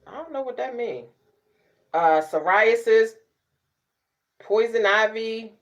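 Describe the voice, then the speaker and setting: A middle-aged woman vlogger, chatting casually to camera, sassy and loud, laughing often and cussing freely. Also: a little high, animated, slow, highs cut off. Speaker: beauty vlogger.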